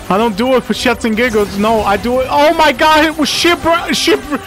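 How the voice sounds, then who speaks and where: A man's voice: very high-pitched, steady tone, normal speed, hardly any pauses, a bit bright, soft background music. A man commenting on his gameplay in a dramatic, emotional, profane way, often talking to himself. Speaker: let's play gamer.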